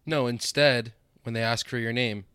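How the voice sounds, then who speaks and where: A man's voice: mid-range voice, steady tone, moderate pace, pushed and bright, clear, resonant tone, dry recording. A podcast co-host with a mid-range voice, teasing his partner and slipping in wry jokes. He talks casually and easily. The recording is dry and close. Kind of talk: casual chat.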